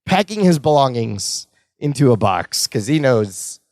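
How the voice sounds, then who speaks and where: A man's voice: medium pitch, very animated, measured pace, a little mellow, no echo, clean studio sound. A man co-hosting a podcast, recapping a sitcom episode in casual chat and acting out quoted lines in silly voices. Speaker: podcast co-host.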